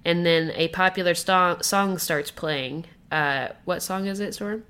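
A woman's voice: lowish voice, a little slow, fairly bright tone, smooth. A woman co-hosting a podcast in casual comedic chat, improvising a story with hesitant fillers. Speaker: podcast co-host.

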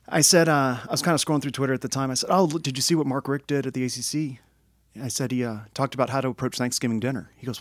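A man's voice: mid-range voice, fast, dry recording. Guy on a podcast telling a story, acts out the voices, dry close sound. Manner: animated storyteller, acts out quotes. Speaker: podcast co-host. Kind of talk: casual chat.

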